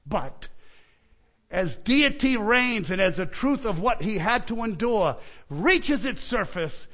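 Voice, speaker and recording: A man preaching with a fairly high voice. He rises to loud, pleading calls and drops to quiet reflection, often stopping to ask his listeners questions and restarting his words. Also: expressive, measured pace. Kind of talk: sermon.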